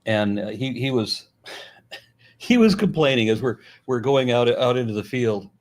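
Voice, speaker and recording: A middle-aged American man talking casually as a guest, blunt and profane, animated, with frequent restarts. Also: medium pitch, unhurried. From United States. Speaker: YouTuber and guest. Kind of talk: casual conversation.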